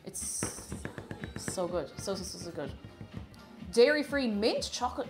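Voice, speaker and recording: A woman's voice: mid-range voice, expressive, moderate pace, faint music behind. A woman chatting casually while she bakes in her home kitchen during a livestream, gushing about food and reading viewer comments aloud. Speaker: streamer.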